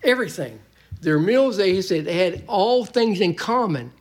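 A man's voice: high-pitched, lively intonation, measured pace. A man preaching a sermon in a church, folksy and emphatic, joking with the congregation.

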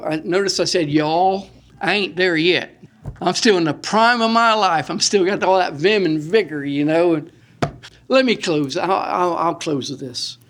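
Folksy preacher man, winded. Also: fairly high pitch. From Florida. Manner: folksy, excitable, storytelling. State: out of breath. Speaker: pastor. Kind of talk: sermon.

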